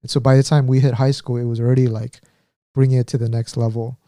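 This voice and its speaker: Rambling man with a dark voice. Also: mid-range voice, little pitch movement, fast, no room sound, studio quality. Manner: rambling, many fillers and restarts. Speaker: podcast co-host telling his story. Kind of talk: casual chat.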